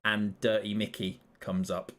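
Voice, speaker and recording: A man's voice: on the low side, level tone, unhurried, a bit bright. A British man hosting a casual gaming podcast, easygoing and chatty, with frequent ums. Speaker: podcast host.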